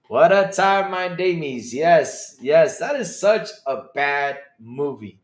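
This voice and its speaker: A man hosts a loose, chatty podcast, his pitch sitting a little above most men's. He laughs often, doubles back on his own phrases and swears casually as he riffs. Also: lively intonation, takes it slowly. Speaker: podcast host. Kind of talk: casual livestream chat reacting to chat comments.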